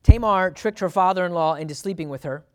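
A man delivers a relaxed, conversational Bible sermon, often laughing softly between points. His voice sits a little high for a man, and he jumps even higher when he plays out quoted lines. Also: a little fast, clear, resonant tone. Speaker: preacher.

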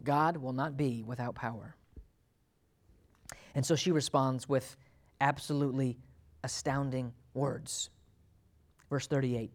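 Guy preaching a sermon, goes big and loud then drops way down quiet. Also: mid-range voice, steady tone, slow pace, pauses often. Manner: dynamic preaching, swings from loud emphatic to hushed. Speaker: pastor.

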